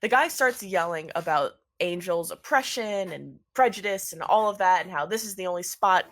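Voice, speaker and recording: Woman running a tabletop game, bright voice, lots of ums. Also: on the low side, animated, moderate pace. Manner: chatty, filler-heavy narration. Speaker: game master.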